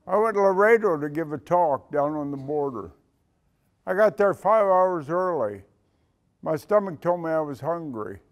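Older man, retired military leader, lively storytelling speech, fairly high voice, acts out dialogue. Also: normal speed. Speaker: retired senior enlisted leader giving a talk.

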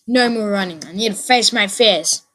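A woman with a mid-range voice hosts her own gaming channel, speaking at normal speed in excitable let's play commentary. She repeats phrases and yelps suddenly, and the recording carries a slight hiss or hum.

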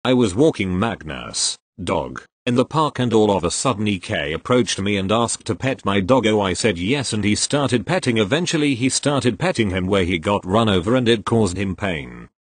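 A man's voice: fairly low pitch, lively intonation, moderate pace, few pauses, no room sound. A man reading online forum posts aloud, spelling out abbreviations letter by letter as he goes.

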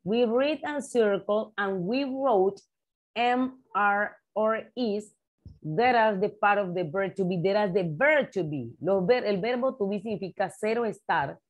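A woman teacher, slowly repeating vocabulary words for young pupils in an English lesson. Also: medium pitch, highs cut off. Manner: slow, repetitive drilling of vocabulary words. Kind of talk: online class for young children.

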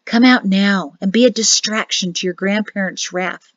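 A woman's voice: mid-range voice, normal speed, no echo, lightly acted. A woman reading as a joking young army captain. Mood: teasing. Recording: dull lo-fi, dry closet sound.

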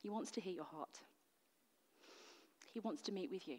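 Woman, preacher, sermon, earnest, emphatic, mid pitch, long church reverb. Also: moderate pace, darkish tone. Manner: earnest, emphatic, rhetorical questions.

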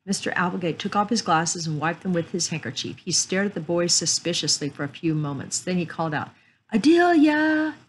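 A woman storyteller reading a book aloud in a slow, measured way. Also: fairly low pitch, fairly even intonation, a bit bright, a little hiss or hum, rough recording.

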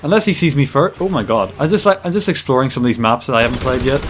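A man giving casual gameplay commentary as a gaming channel host, playful and jokey with excitable rambling. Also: mid-range voice, fast talker, slight background noise.

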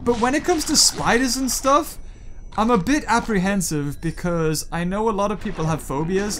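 A man hosting a gaming video, chatting and joking excitedly to his viewers while he plays. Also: high-pitched, normal speed, slight background noise. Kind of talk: let's play commentary.

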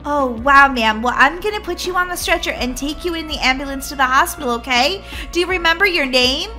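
Woman playing a brisk, kindly paramedic. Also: sits high, soft background music. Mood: reassuring. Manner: brisk, reassuring, loud. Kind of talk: Roblox roleplay voice acting.

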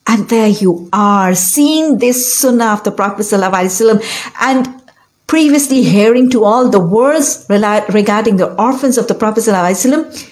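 A woman's voice: mid-range voice, a little fast, a little mellow. A woman teaching a religious lecture, telling stories in an emotive way with repeated phrases and rising emphasis. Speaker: Islamic teacher.

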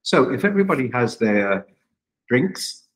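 A man's voice: medium pitch, very animated, measured pace, rough recording. A man hosting a live play reading, making wry jokes to a small audience in a room. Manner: joking, wry asides. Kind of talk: casual live introduction.

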